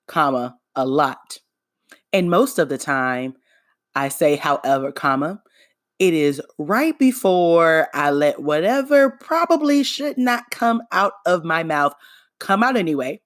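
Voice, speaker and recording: A woman's voice: low-pitched, dry recording, studio quality. A woman hosting her own podcast, talking alone in a playful, sarcastic, chatty way. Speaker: podcast host. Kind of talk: casual solo podcast monologue.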